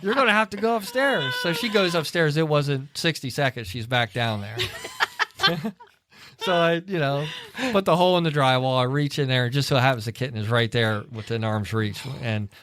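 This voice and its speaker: A man's voice: mid-range voice, normal speed, a bit bright. A middle-aged man on a church podcast tells a long, rambling family story in casual chat, acting out the people he quotes. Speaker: podcast co-host.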